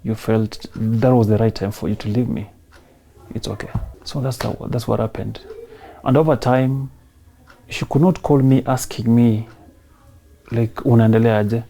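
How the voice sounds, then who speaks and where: A man in his thirties with a Kenyan accent, telling his personal story in an emotional, soft-spoken way and mixing in Swahili phrases. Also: medium pitch, steady tone, normal speed, vocal fry. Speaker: interview guest.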